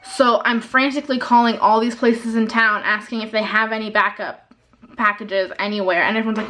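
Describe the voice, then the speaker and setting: A woman's voice: a little high, fairly even intonation, normal speed, pushed and bright. Upset woman vlogging. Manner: upset, recounting a frustrating phone call. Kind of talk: unscripted vlog rant.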